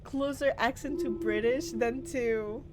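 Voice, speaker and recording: A woman's voice: a little high, fairly even intonation, a little slow. A woman streamer with an American accent, chatting casually while gaming, giggly and easily startled.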